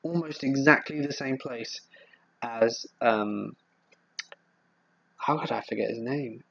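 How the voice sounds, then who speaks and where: A man with a Southeast English accent hosting a casual live stream, reading viewer comments aloud and answering them in a relaxed, rambling way. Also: medium pitch, takes it slowly, vocal fry, husky, dull audio. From England.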